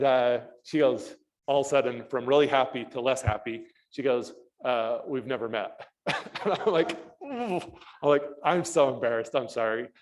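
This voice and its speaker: A man giving a real estate training talk, animated and self-deprecating, acting out dialogue as he tells a story. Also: mid-range voice, poor audio. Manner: self-deprecating humor, laughs at himself.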